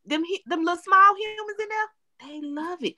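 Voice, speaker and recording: A woman co-host chats on a podcast. Her voice sits high and bright, with big swings of pitch. The sound is close and dry. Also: moderate pace, no room sound. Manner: animated, playful storytelling with frequent laughter. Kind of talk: casual chat.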